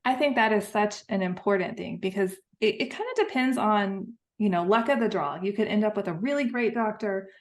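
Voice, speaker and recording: A woman hosting a podcast, with a voice of middle pitch. She talks in a conversational, empathetic way and shares her own experience. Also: brisk, few pauses. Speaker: podcast host. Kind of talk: podcast interview.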